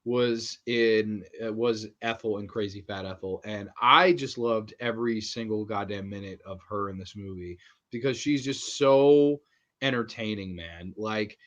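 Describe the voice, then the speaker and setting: A man's voice: on the low side, a little slow, fairly bright tone. A man hosting a casual horror movie review chat, enthusiastic and laughing as he retells scenes, swearing freely. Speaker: horror movie podcast host.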